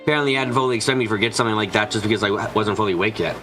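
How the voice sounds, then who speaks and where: A man's voice: fairly low pitch, rapid-fire. Man reading a visual novel over music. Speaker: let's play reader voicing a visual novel. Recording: music playing behind.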